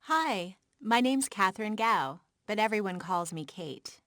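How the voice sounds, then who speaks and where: A woman's voice: medium pitch, animated, unhurried, fairly bright tone, no room sound, clean studio sound. An actress playing a young woman meeting new colleagues in a course dialogue. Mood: friendly.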